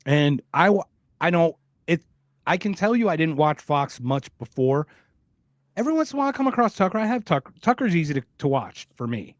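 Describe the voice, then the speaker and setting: Sarcastic podcast guy, swears a lot, kinda high voice, dead dry sound. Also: sing-song, brisk, no echo, highs cut off. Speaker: podcast co-host. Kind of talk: casual podcast chat.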